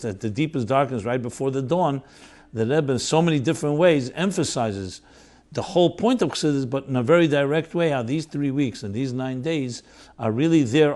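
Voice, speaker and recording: A man's voice: mid-range voice, a little mellow. A man hosting and teaching, giving an earnest, explanatory religious lecture that mixes in Hebrew terms and explains each one. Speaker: host and teacher of Chassidic thought.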